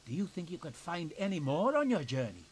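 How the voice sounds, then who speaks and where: A man voicing a cheerful station master in a children's train video game, with a bright sing-song delivery and an unclear regional accent. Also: on the high side, big pitch swings, a little fast, husky. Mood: friendly. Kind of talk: video game character dialogue.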